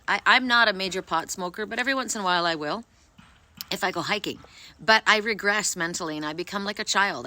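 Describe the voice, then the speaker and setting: A chatty woman reads oracle cards outdoors, her voice sitting a little low for a woman yet bright and forceful. She talks in a quick, bubbly, effervescent way, telling stories casually to camera. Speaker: oracle card reader. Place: outdoors, sitting in wet grass.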